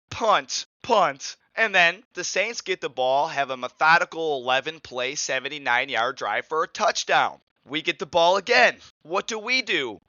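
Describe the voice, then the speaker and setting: A man's voice: high voice, pushed and bright, no echo, lo-fi sound. A man hosting a sports podcast, ranting in a heated, profane, repetitive way. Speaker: podcast host. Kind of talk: angry sports podcast rant.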